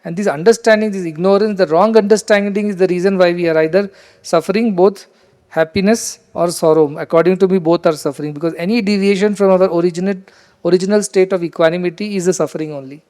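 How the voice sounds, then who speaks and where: A man giving a spiritual discourse, animated and rhetorical, acting out quoted voices as he teaches. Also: sits high, fast talker.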